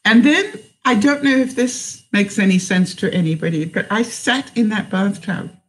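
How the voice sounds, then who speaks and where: A woman's voice: medium pitch, lively intonation, moderate pace, poor audio. A middle-aged woman vlogger telling a personal story, hesitant, with many fillers and restarts.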